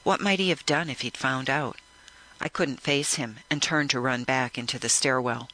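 A man narrating a first-person audiobook in a measured, reflective way. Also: medium pitch, pushed and bright, rough recording.

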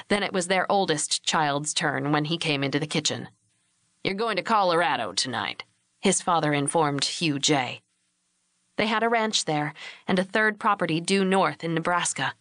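A woman reads a novel aloud in a steady, measured storytelling voice. Her voice sits on the lower side, and the recording is dry and close, with no room sound. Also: no echo. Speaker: audiobook narrator. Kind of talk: scripted narration.

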